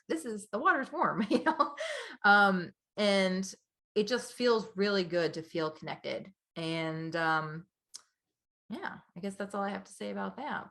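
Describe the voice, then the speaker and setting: A woman's voice: mid-range voice, pushed and bright. A young woman hosting a solo podcast, chatty and upbeat, with frequent laughs and fillers. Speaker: podcast host. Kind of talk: casual solo podcast talk.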